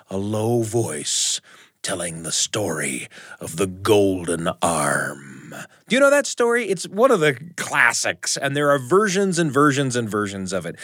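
A man hosting a podcast, telling a personal story in an expressive, playful way. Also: mid-range voice, a little slow, no room sound, studio quality.

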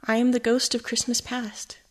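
A woman voicing a gentle Christmas ghost in a storybook reading, speaking softly and quietly. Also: on the high side, completely flat delivery, normal speed, lightly acted.

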